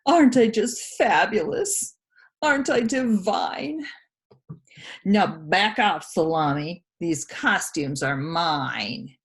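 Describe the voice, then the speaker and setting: Woman reading as a cocky storybook pug, male, loud and drawn out, pitched up from her usual low voice. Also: lively intonation, heavily acted. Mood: bragging. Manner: loud, drawn-out bragging shouts. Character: boastful show-off male pug dog.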